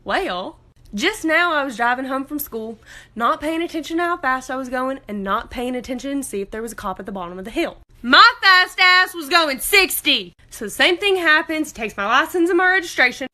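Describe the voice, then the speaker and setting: A woman's voice: high-pitched, lively intonation, moderate pace, sharp tone. A young woman telling a comic story in a blunt, sarcastic way, recorded close and dry.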